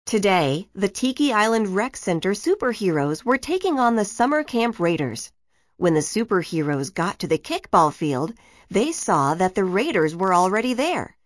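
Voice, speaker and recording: A woman reading a children's storybook aloud in an expressive storytelling way. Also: medium pitch, normal speed, no echo, studio quality. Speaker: narrator. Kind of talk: children's book read-aloud.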